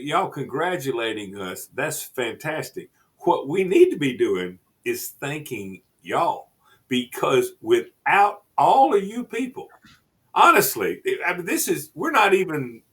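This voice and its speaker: A man co-host talks in a lively, exclamatory way and often repeats himself. His voice sits a bit high and swings widely in pitch. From United States. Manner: animated, exclaims, repeats words. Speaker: radio co-host. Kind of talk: casual chat.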